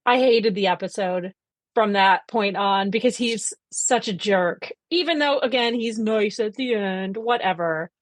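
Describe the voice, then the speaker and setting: A woman on a podcast recaps an old TV episode in loose, casual chat. She acts out the characters' lines and swears for emphasis. Her voice sits at a middle pitch, and the sound is close and dry. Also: unhurried, dry recording. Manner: animated storytelling, quotes characters, swears for emphasis. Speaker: podcast co-host.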